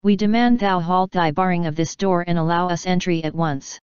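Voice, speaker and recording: A woman's voice: fairly low pitch, steady tone, normal speed, darkish tone, clean tone, dry recording, highs cut off, lightly acted. A woman voicing a stern, regal princess of the night in a storybook reading, formal and commanding.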